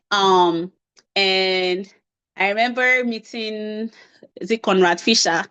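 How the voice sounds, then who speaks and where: A woman's voice: mid-range voice, fairly bright tone. A woman giving a talk, telling a personal story in a chatty, self-deprecating way and acting out bits of dialogue. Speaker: invited speaker on medical residency.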